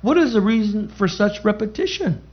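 A man's voice: sits high, animated, normal speed, lo-fi sound. A man preaching a sermon as pastor, emphatic, repeating key phrases and calling out to the congregation.

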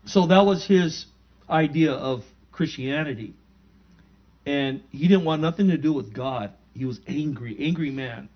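A man delivering a sermon as a relaxed, conversational story, acting out the lines of everyone in it. His voice sits a little high for a man. The recording sounds somewhat muffled and lo-fi. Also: measured pace. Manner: conversational, animated retelling with quoted dialogue. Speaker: pastor.

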